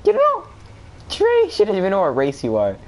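A man playing a game with friends, teasing and bossing others around with quick laughs. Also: high-pitched, huge pitch swings, warm tone, slight background noise. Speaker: player on a group game stream. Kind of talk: casual gaming chat.

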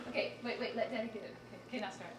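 A woman's voice: on the high side, fairly even intonation, racing. A mother at home singing children's songs in a playful, sing-song way and coaxing her little ones while filming them. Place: family home indoors. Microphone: handheld home video camera. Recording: roomy home video with background noise.

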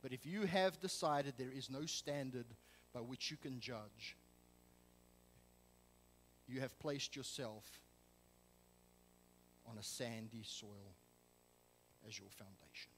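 A man's voice: medium pitch, slow pace, long pauses, fairly bright tone, in a large hall, slight background noise, low-quality recording. A man preaching a sermon as pastor, emphatic and full of rhetorical questions. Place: church sanctuary.

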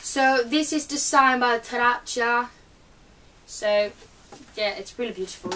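A woman's voice: mid-range voice, fairly even intonation, measured pace, pushed and bright, distant mic, rough recording. A woman with a cold, chatting eagerly as she unboxes items at home for her channel. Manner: chatty and eager, many fillers. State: has a cold. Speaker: book vlogger. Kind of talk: casual unboxing chat.

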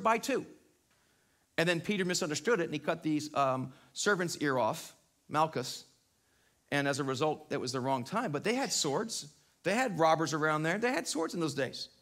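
Pastor, high voice, lively chatty sermon delivery, church service. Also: male voice. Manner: animated, conversational, checks in with the crowd. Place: church sanctuary, live broadcast.

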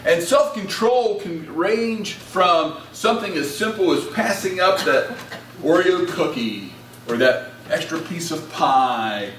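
A male pastor, his voice on the high side, animated, slow, and a bit bright, delivers a sermon and leads prayer in a folksy, chatty manner, often restarting. It's captured in an echoey church sanctuary from a distance, with faint hiss.

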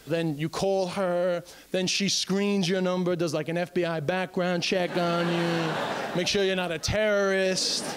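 Animated high-voiced male stand-up comic. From United States. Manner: animated, shouting bits, swearing. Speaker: stand-up comedian. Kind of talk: live stand-up comedy. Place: large live venue with audience. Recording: live show with audience noise.

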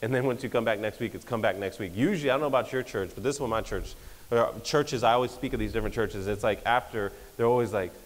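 A young man, giving an energetic, joking conference talk that pokes fun at pastors. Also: mid-range voice, quick pace. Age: young adult. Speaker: speaker. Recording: hall reverb.

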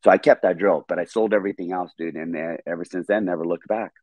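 A man guest on a podcast telling a story in a casual, animated, profane way, repeating words when excited. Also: low-pitched, fast talker, no echo, dull audio.

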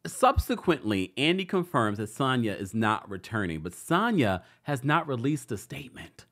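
A man with a mid-range voice hosts a celebrity gossip show, speaking at normal speed. His casual commentary is chatty and animated, laced with playful shade.

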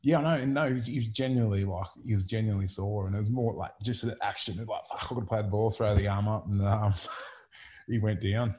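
Lowish, brisk and a little mellow, this Australian-accented man in his thirties is a former rugby league player. As a guest on a podcast, he chats in a relaxed way, peppering his talk with fillers and offhand swearing.

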